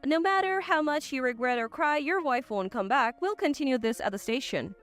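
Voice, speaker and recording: A woman's voice: sits high, lively intonation, brisk, a bit bright. Woman doing a police officer, stern, matter-of-fact, faint music.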